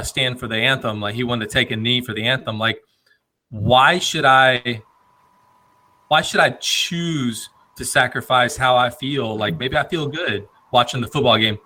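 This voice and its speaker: A man's voice: mid-range voice, bright, forceful tone. A man on a casual opinion podcast, making his point with questions. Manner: questioning, conversational. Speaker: podcast co-host.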